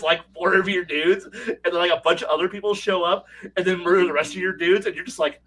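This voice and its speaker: Man, game master, casual storytelling, animated, laughs a lot, high-pitched voice. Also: recorded from a distance, poor audio. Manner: animated, laughing, profane, rambling. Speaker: game master, regular guest.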